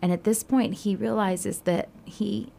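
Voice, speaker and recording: A woman telling a Bible story to a listener in a casual, animated way, with frequent fillers. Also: medium pitch, a little slow, creaky, a little hiss or hum.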